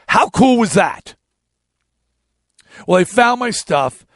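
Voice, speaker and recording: A man hosting his own show, telling a story in a casual, animated monologue with frequent restarts. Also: sits high, slow, pauses often, dry recording, studio quality. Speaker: show host.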